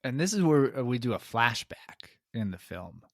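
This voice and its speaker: Podcast host guy, riffing jokes, mid-pitch voice, dry mic. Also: sing-song, no room sound. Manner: joking, playful, quick riffs. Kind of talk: casual conversation.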